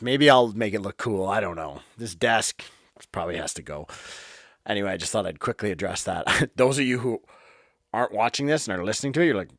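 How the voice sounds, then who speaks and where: A man's voice: on the low side, a bit bright, no echo, studio quality. A man hosting his own podcast, talking bluntly and heatedly in a casual monologue from a home office, swearing as he goes. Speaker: podcast host.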